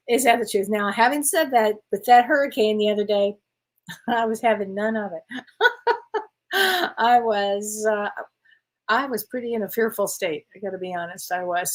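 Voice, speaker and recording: A woman's voice: mid-range voice, low-quality recording. An older woman, a spiritual medium, chatting casually as she reads viewer questions aloud and answers them, laughing often. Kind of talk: live Q&A, reading viewer comments.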